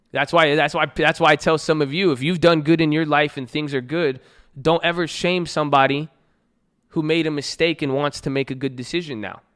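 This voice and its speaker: A man hosting a trading group, reading a parable aloud and then riffing on it in a loose, slangy motivational talk. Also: fairly high pitch. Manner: reads a parable then riffs on it with slang and loud jokes.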